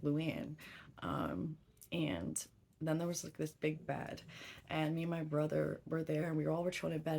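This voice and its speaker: Woman, low pitch, raspy, casual rambling vlog talk, swears a lot. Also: darkish tone. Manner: swears freely, rambling storytelling. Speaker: tarot reader. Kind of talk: casual chat.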